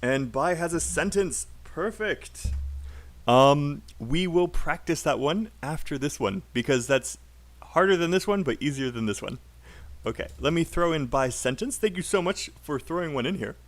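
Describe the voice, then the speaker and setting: A man with a British accent teaching a live online English pronunciation lesson, drilling sentences slowly and encouraging students. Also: fairly high pitch, lively intonation.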